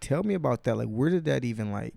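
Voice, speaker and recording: A man with a medium-pitched, gravelly voice talks fast with no room sound. He hosts a casual podcast, telling animated, profane stories packed with swearing and put-on quotes he acts out.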